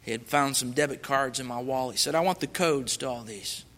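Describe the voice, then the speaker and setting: A man's voice: medium pitch, fairly quick, fairly bright tone, long reverb tail. A man, a missionary, earnestly telling his personal testimony, swelling with fervor when he recites scripture.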